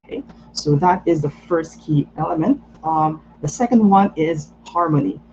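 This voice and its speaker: A man with a fairly high voice leads an online workshop, walking through each step patiently and leaning on "so" and "um" as he thinks. The audio is a little dull, with a faint hum behind him. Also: normal speed, a little mellow. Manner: patient, explanatory, frequent "so" and "um" fillers. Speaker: lettering workshop instructor. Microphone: video call.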